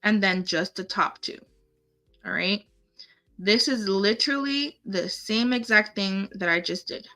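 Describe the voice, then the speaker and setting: A woman hosts a casual live craft lesson, thinking aloud and chatting with her viewers as she goes. Her voice is bright and her pace is unhurried. Faint music plays behind her. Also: medium pitch. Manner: chatty, talks to herself and viewers while clicking. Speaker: craft tutorial host. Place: home setup, live stream.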